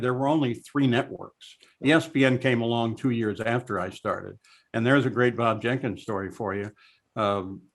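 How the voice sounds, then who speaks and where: An older man, a veteran race broadcaster, telling lively anecdotes in a casual interview over a video call. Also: mid-range voice. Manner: storytelling, animated anecdotes.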